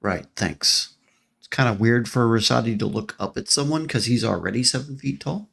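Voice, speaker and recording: A man's voice: mid-range voice, fairly quick, vocal fry, breathy edge. A man playing a tabletop game who chats in a casual, self-deprecating way. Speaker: player.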